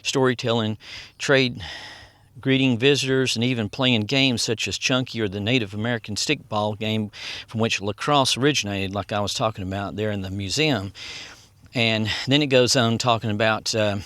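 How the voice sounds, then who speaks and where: A man's voice: fairly low pitch, fairly even intonation, normal speed, fairly bright tone, no room sound. A man giving casual, rambling touring commentary outdoors and reading signs aloud as he goes. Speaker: vlogger and tour guide. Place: outdoors at a historic site on a hot day.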